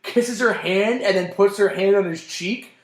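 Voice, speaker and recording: A man co-hosting a podcast in casual chat, excitable and swearing a lot as he retells scenes. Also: high-pitched, moderate pace, echoey room. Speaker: podcast co-host.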